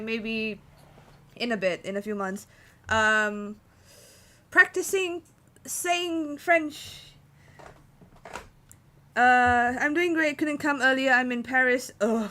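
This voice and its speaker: A woman's voice: a little high, sharp tone. A woman composer chatting casually with her livestream viewers, rambling with many fillers as she answers chat.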